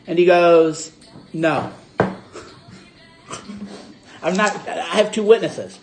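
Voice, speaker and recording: A man casually recounting a story to his audience, acting out both sides of an argument with animated delivery. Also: high voice, takes it slowly, gravelly, pauses often, background noise. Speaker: host.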